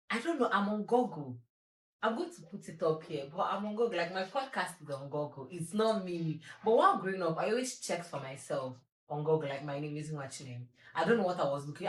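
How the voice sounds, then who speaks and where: Young woman, podcast host, low-pitched, candid and self-mocking, echoey room sound. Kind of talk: solo confessional podcast. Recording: roomy echo.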